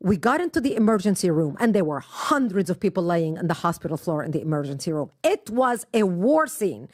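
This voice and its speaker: A woman's voice: fairly low pitch, big pitch swings, a little fast, hardly any pauses, a little mellow, no room sound, studio quality. A woman from Lebanon, a guest in an interview, telling a personal story in an earnest, emphatic way with frequent restarts.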